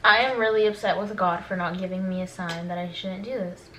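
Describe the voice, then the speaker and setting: A woman's voice: fairly low pitch, fairly even intonation, fairly quick, pushed and bright, a little hiss or hum. A young woman vlogging casually at home, dramatic and exasperated, mocking herself. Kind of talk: casual vlog. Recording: echoey room, camera a bit distant.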